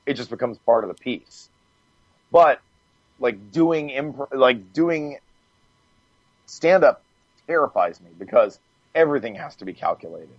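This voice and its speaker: A man guest on a podcast, telling stories in a casual, animated way, swearing freely and laughing as he goes. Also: medium pitch, measured pace, pauses often, no room sound, dull audio. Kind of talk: casual storytelling.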